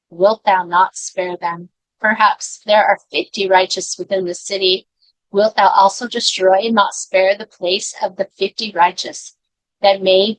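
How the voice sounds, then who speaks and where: A woman reading scripture aloud in a measured way, now and then breaking off for quiet personal comments. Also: medium pitch, dry recording, rough recording. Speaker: scripture reader.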